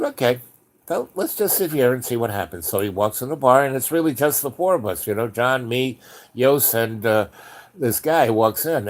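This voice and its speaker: A man spinning a casual anecdote, voice at an ordinary middle pitch. He rambles, doubles back and restarts mid-sentence, keeping the talk loose and conversational. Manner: rambling, with many restarts and fillers. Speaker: storyteller.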